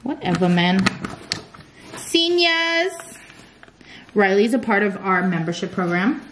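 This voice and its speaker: A woman's voice: medium pitch, fairly quick, noisy background. A young woman in her twenties chatting casually with family and her dog while vlogging at home. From Southern California. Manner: playful, chatty, talks to her dog and viewers. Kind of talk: casual family vlog chat.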